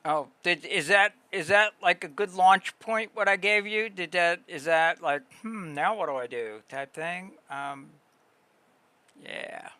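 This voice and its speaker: A man's voice: high-pitched, measured pace, pushed and bright, dry recording. A man live-streaming, chatting casually with his viewers in a rambling way, full of fillers and restarts. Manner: rambling, filler-heavy, talks to chat.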